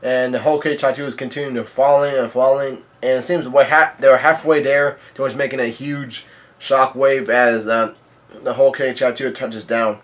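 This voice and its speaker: A mid-range, steady voice at normal speed belongs to a manga reader and commentator. He goes through a comic chapter casually, adding his own thoughts, and reads the characters' lines in that same plain, level voice.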